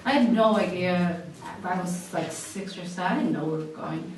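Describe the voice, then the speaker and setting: A young woman giving a halting eulogy for her grandmother at a memorial viewing, with many fillers and restarts. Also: fairly low pitch, a little mellow. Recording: echoey hall, from far off, faint noise.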